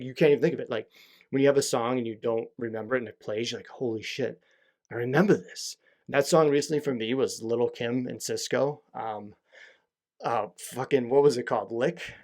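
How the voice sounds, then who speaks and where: Speaking at medium pitch with a darkish tone, a young adult podcast host talks solo and casually. He's candid and meandering, his monologue full of filler words and cursing.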